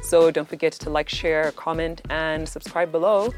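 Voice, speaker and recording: A woman's voice: sits low, fairly even intonation, moderate pace, faint music behind. A young woman hosting a podcast, chatting in a playful, teasing way. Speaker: podcast host. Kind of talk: casual chat.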